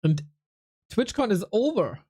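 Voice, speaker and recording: A young man calling a strategy game live, his pitch jumping around animatedly as he shifts between play-by-play and friendly chat with his viewers. He talks casually and reacts on the fly, greeting people in chat mid-sentence. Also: measured pace. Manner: lively, chatty, reacts to viewers mid-commentary. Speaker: esports caster and streamer.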